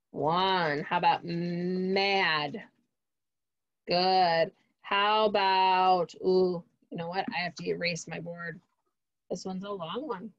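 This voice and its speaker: A woman teaching a remote phonics lesson to young children, speaking clearly and encouragingly. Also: on the low side, dry recording, lo-fi sound. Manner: slow, clear, encouraging teacher talk to kids.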